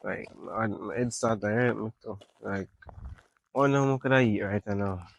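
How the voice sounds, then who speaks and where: A man's voice: fairly low pitch, fairly even intonation, a little slow, creaky. An actor playing a hungry, weary young man in a radio ad, sighing and complaining.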